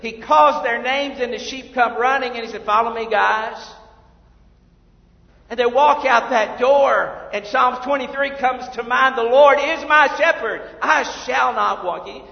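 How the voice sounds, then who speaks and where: A man preaching a sermon as pastor, swinging between hushed and loud passages. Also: sits high, gravelly. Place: church sanctuary. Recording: echoey hall from far off, dull lo-fi.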